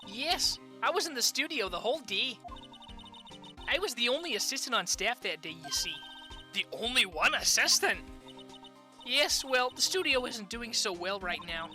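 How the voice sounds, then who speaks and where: A woman's voice: on the high side, animated, normal speed, pushed and bright, soft background music. Woman doing a fussy young studio assistant, mock Canadian. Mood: polite. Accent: attempted Canadian.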